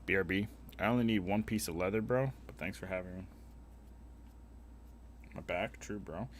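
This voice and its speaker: A young male streamer talks to his viewers while he plays. His voice sits a little low, and he rambles in a crude, joking way. A light noise runs under the recording. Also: moderate pace. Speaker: live streamer. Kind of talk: casual gaming stream chat.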